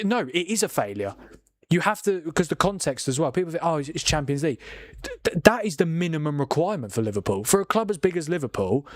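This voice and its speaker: A man talks casually through a football watchalong at home. He rambles and restarts, laughs often, and reacts to the game with animated outbursts. His voice sits at a mid pitch, and the sound is dry and close. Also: no room sound. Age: 40s. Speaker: streamer hosting a football watchalong. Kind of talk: casual live commentary and chat.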